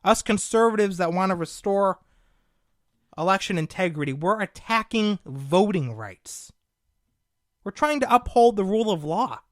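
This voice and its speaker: A man's voice: high-pitched, brisk, no room sound, clean studio sound. A young man hosting a political talk show, delivering combative, sarcastic commentary and calling his listeners folks.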